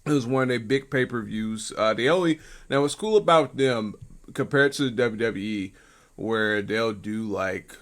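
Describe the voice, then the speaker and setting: A man's voice: mid-range voice, moderate pace. A man from Missouri co-hosting a podcast, explaining pro wrestling in a rambling, casual way, full of fillers. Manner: rambling explainer, lots of likes and ums. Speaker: podcast co-host.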